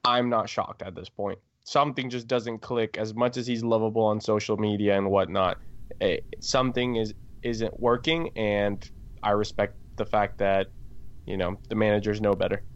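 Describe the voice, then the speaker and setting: A man's voice: fairly low pitch, steady tone, moderate pace, no echo. A man co-hosting a sports podcast, giving short matter-of-fact opinions. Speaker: podcast co-host. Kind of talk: casual sports chat. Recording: dry, dull lo-fi sound.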